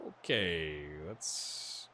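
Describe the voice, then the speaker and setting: A man hosting a gaming video, chatting and reacting excitedly as he plays a football management game. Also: sits low, extremely slow, a little hiss or hum. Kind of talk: live commentary while playing a football management game.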